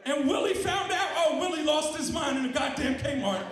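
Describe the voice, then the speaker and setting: A man's voice: very high-pitched, moderate pace, background noise. A man doing a profane, punchy stand-up routine. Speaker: comedian. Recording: very echoey room with faint crowd.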